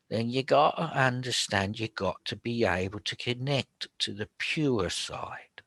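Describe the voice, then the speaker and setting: Low-voiced chatty man teaching. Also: gravelly, no room sound. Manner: chatty and colloquial, often dropping to a hushed whisper. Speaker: spiritual healing teacher. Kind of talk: casual spoken teaching.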